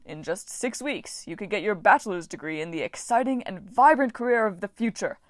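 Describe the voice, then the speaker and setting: A woman's voice: medium pitch, animated, a little fast, no echo, clean studio sound, natural voice. A woman doing a chatty, eccentric god of farming. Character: eccentric male farming god, cheerful and self-absorbed.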